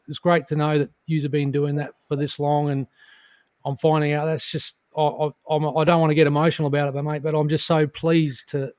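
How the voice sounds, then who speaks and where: A man on an online call, rambling casually with lots of repeated words and trailing, quieter asides. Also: clear, resonant tone, dry recording. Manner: rambling, repeats words, drops his voice low. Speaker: guest on a crypto stream. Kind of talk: casual chat.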